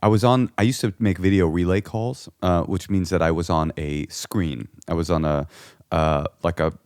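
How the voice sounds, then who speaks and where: A man with a low voice tells a long story in casual chat, jumping into the voices of the people he describes. The sound is close and dry, with no room behind it. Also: normal speed, smooth, dry recording. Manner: animated storyteller, acts out voices. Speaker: guest comedian.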